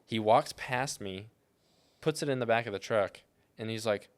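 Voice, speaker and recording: A man's voice: fairly low pitch, moderate pace, clean tone. A young man co-hosting a podcast, telling rambling stories in casual chat and filling them with "like". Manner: rambling storyteller, heavy use of "like". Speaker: podcast co-host.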